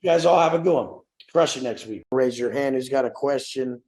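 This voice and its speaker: A man's voice: mid-range voice, brisk, a little mellow. Brash swearing male coach, echoey room. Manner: brash, swearing, acts out quoted voices. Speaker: coaching call host. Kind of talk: motivational group coaching call.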